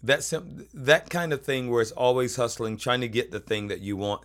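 A man co-hosting a casual talk show, animated and often laughing, repeating phrases as he talks. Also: mid-range voice, normal speed. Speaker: podcast co-host. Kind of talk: casual chat.

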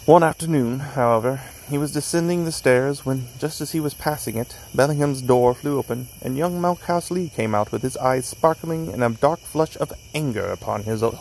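Gravelly man reading a story outdoors. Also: mid-range voice, a little mellow, slight background noise, poor audio. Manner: unhurried reading with small slips it corrects. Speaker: narrator. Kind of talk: reading a classic story aloud. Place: outdoors in a cemetery at night.

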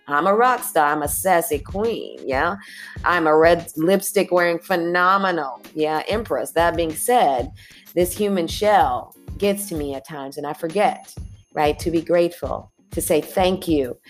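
A woman giving a sassy, emphatic motivational talk, often repeating her phrases. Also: low voice.

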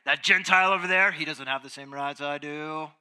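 A man's voice: on the high side, a little fast, pushed and bright, clean tone. A man voicing an angry, indignant man with a British accent.

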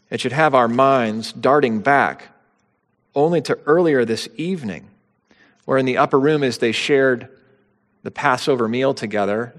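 A man's voice: medium pitch, fairly bright tone. A man preaching a sermon, conversational teaching with bursts of dramatic quotation. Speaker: pastor. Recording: long hall reverb.

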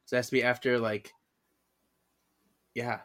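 A man's voice: medium pitch, normal speed. A man co-hosting a podcast, casually reading a comic aloud and joking with his co-host. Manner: animated, laughing, paraphrasing dialogue. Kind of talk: casual comic read-along.

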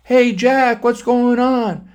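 A man voicing a bold young boy who coaxes his friend in a high, keen voice. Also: steady tone, slow, darkish tone, clear, resonant tone.

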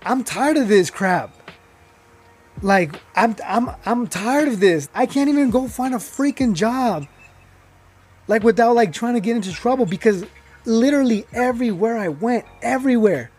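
A young man with a high voice tells his own story in loose, casual talk. He rambles, restarts often and leans on fillers, getting heated at times. Faint music plays behind him. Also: expressive, normal speed, darkish tone, slightly rough. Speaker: guest telling his life story.

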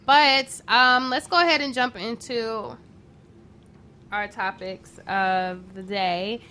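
A woman hosting a casual radio-style talk show, chatty and loose, pausing often on "um" as she moves between topics. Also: a little high, steady tone, sharp tone, a little hiss or hum. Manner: chatty, with frequent "um" pauses.

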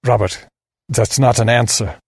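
Anxious young woman, read by a man, stern and husky, audiobook. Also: mid-range voice, fairly even intonation, a little slow, a little mellow, no echo, clean studio sound.

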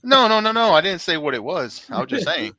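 A man's voice: sits high, very animated, a little fast, sharp tone, slight background noise, low-quality recording. A man hosting a casual podcast, who banters, teases his co-hosts and laughs often. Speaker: podcast host.

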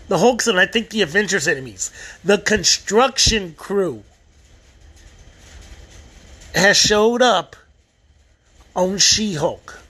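A man's voice: sits high, fairly bright tone. A man casually recapping a TV episode as a reviewer, rambling and restarting his sentences while acting out the quoted lines. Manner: rambling storyteller who restarts phrases; acts out quoted lines in retelling. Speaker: TV show reviewer.

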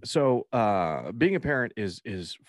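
A man's voice: lowish voice, unhurried, no echo, clean studio sound. A man co-hosting a casual podcast from a room at home, joking, acting out voices and swearing freely. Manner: animated, mimics people, swears freely. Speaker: podcast co-host. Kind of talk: casual chat.

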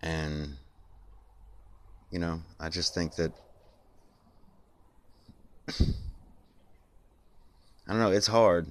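Congested, very deep-voiced man. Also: drawn-out words, pauses often. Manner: rambling, reflective, many fillers. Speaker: podcast host. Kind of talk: late-night solo monologue.

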